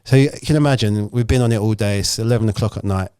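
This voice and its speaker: A man's voice: lowish voice, fast, dark tone, smooth, no echo, studio quality. A man, a former footballer telling anecdotes as a podcast guest. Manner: storytelling, acts out voices in his anecdotes.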